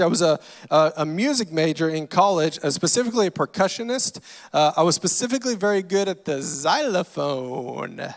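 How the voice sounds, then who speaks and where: A man in his forties from Louisiana tells funny stories in a high, light voice, dropping dry punchlines and quick self-deprecating asides. He performs as a guest comedian in a large church auditorium. His voice carries a long hall reverb. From Louisiana, USA. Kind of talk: comedic storytelling from a church stage.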